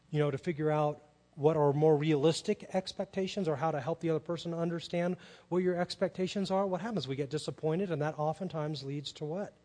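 A middle-aged man preaching a sermon, telling family stories in a conversational way and asking the congregation rhetorical questions. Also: high voice. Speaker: pastor. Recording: long reverb of a large hall.

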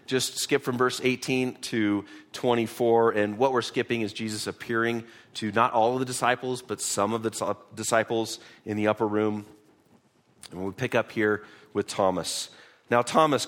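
Pastor, male, mid-pitched voice, relaxed conversational sermon delivery with frequent restarts. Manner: conversational, repeats words when restarting, reads scripture aloud. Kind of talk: sermon teaching through a Bible passage.

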